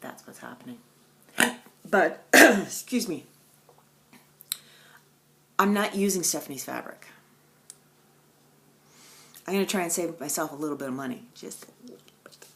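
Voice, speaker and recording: Low-voiced woman, animated storyteller. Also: measured pace, gravelly, pauses often. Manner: animated storytelling, swings from loud bursts to hushed asides. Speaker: stitching vlogger. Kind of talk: casual chat. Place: at home.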